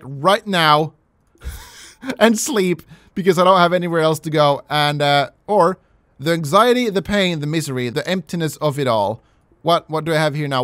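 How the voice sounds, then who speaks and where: A man's voice: on the high side, a bit bright, no room sound. A man hosting a let's play, commenting with jokes, mock-pleading and casual swearing. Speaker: gaming channel host.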